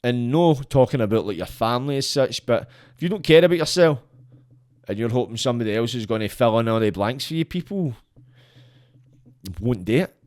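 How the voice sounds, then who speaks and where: A man's voice: mid-range voice, lively intonation, fairly quick, a little mellow. A man from Scotland, a podcast guest giving a blunt, sweary, preachy monologue on self-belief. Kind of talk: rambling motivational monologue.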